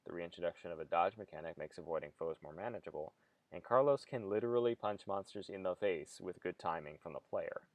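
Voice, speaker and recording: A man reading a scripted video essay in a measured, analytical way. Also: low voice, no room sound. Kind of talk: scripted narration.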